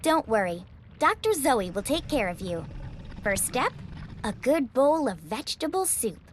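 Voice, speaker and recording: A woman's voice: on the high side, sing-song, unhurried, a little hiss or hum. A woman voicing a fearless, cheerful little girl explorer in a storybook, eager and a bit bossy. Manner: bright, eager, bossy-kind. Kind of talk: storybook character voice.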